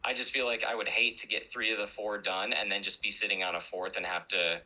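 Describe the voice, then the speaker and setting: A man's voice: lowish voice, level tone, brisk, pushed and bright, rough recording. A man on a voice call with another streamer, talking through rules aloud and telling a joke as a story. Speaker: guest streamer. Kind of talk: casual chat over voice call.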